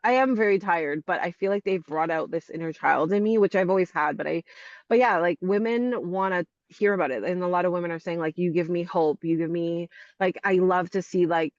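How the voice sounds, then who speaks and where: A woman's voice: on the low side, a little fast, no room sound. A woman in her forties from Canada, a guest in a casual interview, rambling with many "like"s and restarts. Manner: rambling, heavy use of "like", frequent restarts. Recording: dull dry lo-fi sound.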